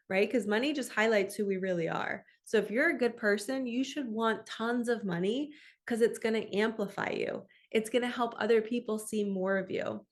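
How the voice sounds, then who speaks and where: Speaking to camera at a medium pitch, a middle-aged spiritual coach offers gentle, affirming motivation. She eases her pace whenever she reaches the self-talk phrases.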